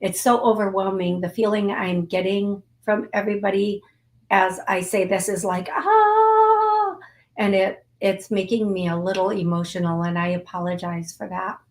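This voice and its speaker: A woman's voice: mid-range voice, flat delivery, moderate pace. A middle-aged woman hosting a live psychic reading show, coaxing and emotional, repeating her phrases as she guides a healing. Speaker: psychic medium host.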